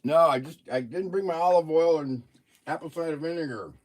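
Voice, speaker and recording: A man's voice: on the high side, a little fast, darkish tone. A man hosting a casual livestream, chatting with viewers while eating and talking with his mouth full. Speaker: livestream host.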